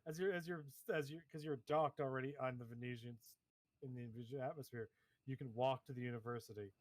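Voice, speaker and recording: A man narrating and explaining rules as game master of a tabletop role-playing game, in a lively manner. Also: mid-range voice, fast, no room sound.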